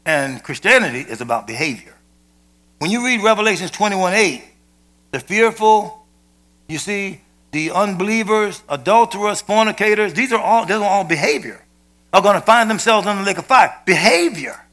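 A man preaching a sermon with emphasis, rising to shouted peaks and dropping to low, quiet asides. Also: lively intonation, normal speed.

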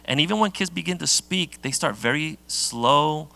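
A middle-aged pastor from giving a sermon in a casual, conversational way, with many fillers and restarts. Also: male voice, fairly high pitch, lively intonation, moderate pace, vocal fry, sharp tone.

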